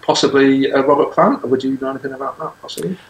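A middle-aged man telling a long anecdote in casual chat, with halting restarts and chuckles. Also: medium pitch, gravelly. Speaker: guest. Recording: echoey room.

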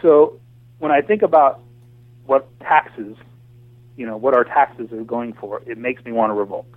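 A man's voice: mid-range voice, measured pace, no echo. American man, impassioned guest, heated ranting delivery, thin phone-line sound. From United States. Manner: passionate, ranting, frequent restarts and fillers. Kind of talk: casual conversation over a call. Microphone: phone or voice call. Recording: tinny phone line, dry.

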